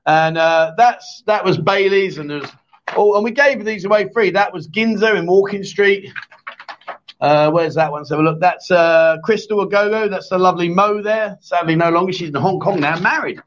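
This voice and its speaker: A man with a notably high voice hosts a casual chat show on a live stream, talking at a moderate pace. He rambles, cracks jokes, and teases his co-host in between viewer comments, all through dull, lo-fi audio that sounds like a stream mic.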